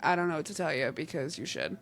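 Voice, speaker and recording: A woman's voice: low voice, fast talker, a bit bright. A young woman with a New Jersey accent, co-hosting a podcast in casual chat. She is chatty and giggly, and she acts out the dialogue she quotes. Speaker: podcast co-host.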